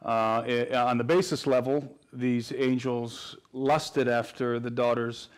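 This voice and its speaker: A man's voice: mid-range voice, steady tone, takes it slowly. A man answering interview questions at length in an earnest, explanatory way, often restarting his phrases. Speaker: guest researcher.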